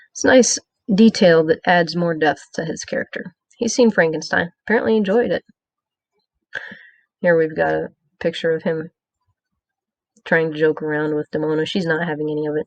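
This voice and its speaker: A woman with a fairly low voice reads her own episode review aloud. She moves through the plot summary with wry, sarcastic asides and small stumbles. The sound is close and dry. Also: creaky, darkish tone, no room sound. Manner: reads from a script with small hesitations. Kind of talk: read-aloud review with commentary.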